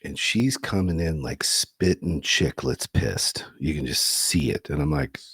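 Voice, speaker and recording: Husky low-voiced man telling stories. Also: a little slow, no echo, clean studio sound. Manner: animated, laughing easily. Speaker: podcast host and couples therapist. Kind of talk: conversational storytelling.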